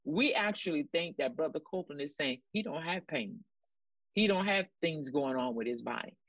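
This woman's voice sits low yet sounds a bit bright, with lively intonation and normal speed, recorded with no echo. On the ministry broadcast she co-hosts, her preaching commentary is emphatic and repetitive, and she cheers listeners on with exclamatory praise.

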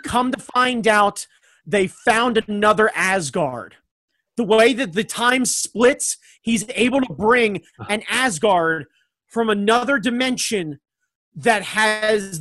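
Guy rambling excitedly in a goofy chat, laughs a lot, dry sound. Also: high voice, a little slow, no echo. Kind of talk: casual comedic chat.

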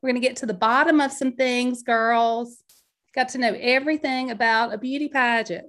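A woman in her forties talks through her podcast in a bubbly, rambling way. Her voice sits a little on the high side, and she sounds slightly out of breath as she chats on. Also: normal speed. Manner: bubbly, rambling, animated storytelling. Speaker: podcast host. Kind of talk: chatty solo podcast talk.

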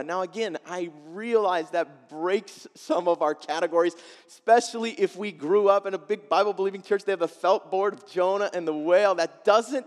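A male pastor preaching a sermon, expressive, moving between loud emphasis and quiet asides. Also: sits high. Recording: long reverb of a large hall.

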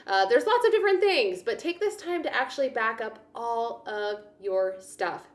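A woman's voice: a little high, lively intonation, moderate pace. A woman hosting her own podcast, giving upbeat, chatty business advice. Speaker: podcast host. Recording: roomy echo.

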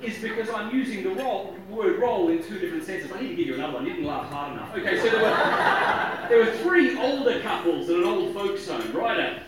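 A man giving a joking, lively talk on logic to a live audience, often chuckling at his own jokes. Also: high voice, brisk, very noisy. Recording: echoey hall, distant mic.

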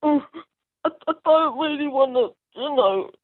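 A man's voice: very high voice, animated, measured pace, dry recording. A heartbroken, insecure guy, as a man plays him in an improv scene, stammering and mumbling through every line. The sound is dry and comes over a tinny, phone-like line. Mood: sheepish.

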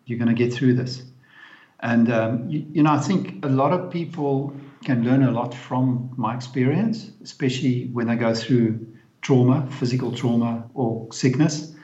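A man of ordinary pitch talks frankly and bluntly as an interview guest, often tagging his remarks with a questioning "eh?". His voice carries a noticeable room echo. The sound is muffled and lo-fi. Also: normal speed, mellow. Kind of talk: candid storytelling in conversation. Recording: roomy, dull lo-fi sound.

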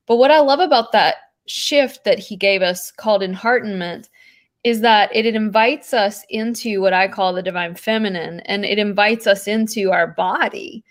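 A woman talks about inner practice in a long, earnest ramble. Her voice sits at a middling pitch and she leans on "like" and "you know" as she searches for words. She restarts her phrases often and keeps a steady, musing flow. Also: normal speed. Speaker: podcast guest. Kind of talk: spiritual conversation.

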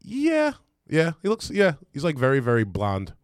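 A young man co-hosting a podcast in casual chat, loose and rambling and quick to laugh. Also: a little high, huge pitch swings, clear, resonant tone, dry recording, studio quality. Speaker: podcast co-host.

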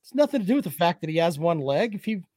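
A man's voice: high-pitched, sing-song, quick pace, a little mellow, no room sound. A man hosting a casual sports chat show, reading viewer comments and joking with profanity and trash talk.

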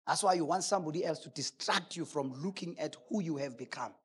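A man's voice: fairly high pitch, fast, a bit bright, breathy edge. A male preacher delivering a sermon emphatically, asking rhetorical questions.

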